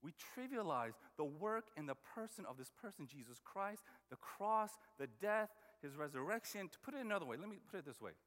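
A man's voice: high-pitched, animated, brisk, few pauses, a bit bright. A man preaching a sermon as a pastor, conversational and full of restarts and repeated words. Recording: long hall reverb.

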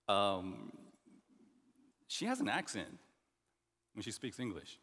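A middle-aged man preaching a sermon as pastor, earnest and animated, with many restarts and asides. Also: on the low side, slow pace, pauses often, breathy edge. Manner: animated, earnest, with frequent restarts and "you know". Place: church sanctuary. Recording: long hall reverb.

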